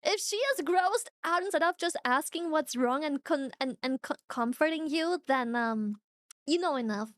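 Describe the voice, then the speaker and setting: Reacting to her stream viewers, a young woman with a high voice chats in a lively, unfiltered way, swearing freely and often breaking into laughter. She speaks at a moderate pace, and the sound is close and dry.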